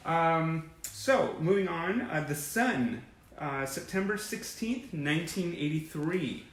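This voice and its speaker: A man's voice: on the high side, lively intonation, slow pace, a bit bright. Gushing male livestream host, echoey room. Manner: enthusiastic, rambling, gushing, greeting viewers by name. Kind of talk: casual livestream chat reading old press clippings. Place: indoor room with sunlight through a window. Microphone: webcam or phone livestream.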